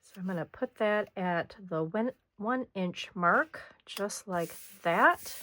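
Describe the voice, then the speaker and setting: A middle-aged woman hosting a hands-on scrapbooking tutorial, chatting casually as she works and clearing a slightly hoarse throat now and then. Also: mid-range voice, slow pace, noisy background. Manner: chatty, talks while working, frequent throat clearing. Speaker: scrapbooking host.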